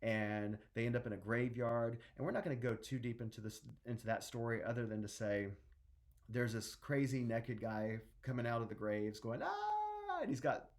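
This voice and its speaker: A man's voice: mid-range voice, steady tone, normal speed. A middle-aged man preaching a sermon as a minister, talking conversationally with restarts and acting out the people in a story.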